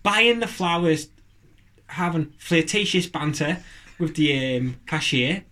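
A man's voice: on the high side, animated, takes it slowly, bright, forceful tone. A man chatting on a podcast, rambling and joking with lots of fillers and restarts. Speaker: podcast co-host. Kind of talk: casual chat.

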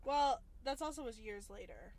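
A woman's voice: on the high side, expressive, moderate pace, crowd noise. A woman in casual chat, wry and laughing, picking apart a show's plot holes.

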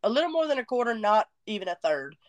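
Animated woman telling a story. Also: a little high, fast talker, dry recording. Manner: animated storyteller, drawling, self-mocking. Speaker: podcast co-host. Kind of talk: casual chat.

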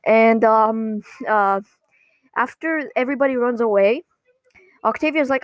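A woman casually recapping a cartoon episode, rambling and halting, often correcting herself mid-sentence. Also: fairly high pitch, no room sound.

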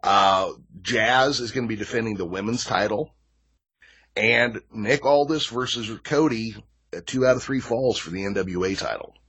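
A man's voice: fairly low pitch, moderate pace, a bit bright, breathy edge. A man co-hosting a podcast in casual chat, laid-back and blunt. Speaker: podcast co-host.

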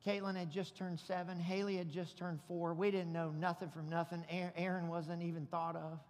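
A man preaching a sermon as pastor, emphatic and folksy, building up to shouts. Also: fairly high pitch, level tone, normal speed, in a large hall. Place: church sanctuary.

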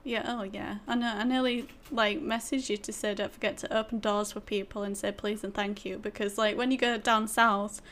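A woman from England in casual chat, teasing and quick to react. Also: medium pitch, little pitch movement, a bit bright.

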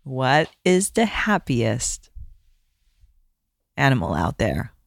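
Lively, giggly woman from Israel. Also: rumbling low, vocal fry, no echo. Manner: animated and giggly, quick to laugh, swears freely. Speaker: yoga teacher. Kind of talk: casual podcast chat.

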